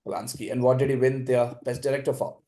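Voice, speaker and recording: A man hosting an online quiz final as quizmaster, reading questions in a measured way and recapping answers with encouragement. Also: medium pitch, completely flat delivery, mellow.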